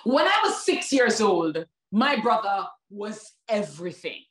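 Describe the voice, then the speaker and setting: A Jamaican woman performing her own spoken word poetry with rhythmic, emphatic delivery and dramatic pauses, breaking off for chatty asides to an unseen online audience. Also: mid-range voice, big pitch swings, a bit bright. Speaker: poet and performer.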